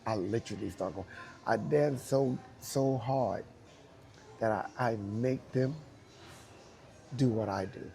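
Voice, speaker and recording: Mellow-voiced man telling a lively story. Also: medium pitch, slow, creaky, long pauses. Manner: animated, acts out quoted dialogue. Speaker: dancer and hip hop battle judge. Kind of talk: casual storytelling anecdote.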